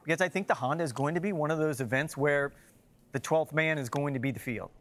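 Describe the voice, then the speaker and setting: A man talking through golf news in a studio discussion, with a fairly high voice. He is frank and emphatic and leans hard into his opinions. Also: fast talker. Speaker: golf analyst.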